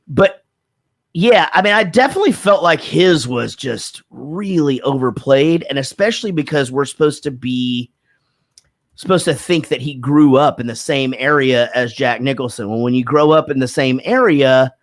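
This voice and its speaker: A man's voice: medium pitch, normal speed, no room sound, studio quality. A man from Texas talking casually as a podcast host, candid and profane, rambling with many restarts. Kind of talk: casual chat.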